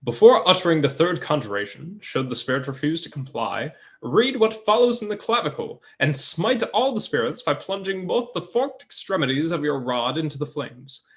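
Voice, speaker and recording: A man's voice: on the high side, big pitch swings, normal speed, few pauses, a bit bright, pitched above the performer's own voice. A man doing a theatrical Mid-Atlantic radio announcer voice in the style of 1940s radio acting. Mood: grandiose. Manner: theatrical, declaiming. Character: grandiose old-time radio announcer, adult man.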